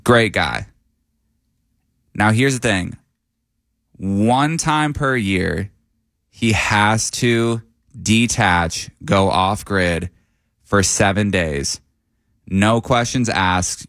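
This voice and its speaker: Low-voiced playful male radio co-host. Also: slow, pauses often, fairly bright tone, no room sound, studio quality. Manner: playful, posing hypothetical questions. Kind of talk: casual morning radio banter.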